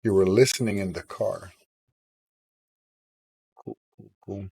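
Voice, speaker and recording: A man with a sore, husky throat, chatting casually with viewers on a live stream while he draws, self-deprecating about his work. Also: low-pitched, slow pace, darkish tone, poor audio.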